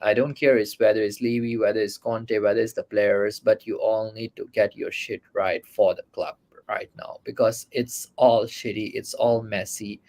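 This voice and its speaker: A man's voice: on the low side, level tone, moderate pace, hardly any pauses, darkish tone. Guy from malaysia on a fan pod, fed up and ranting. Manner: frustrated, venting, blunt. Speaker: guest. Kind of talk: casual fan podcast chat.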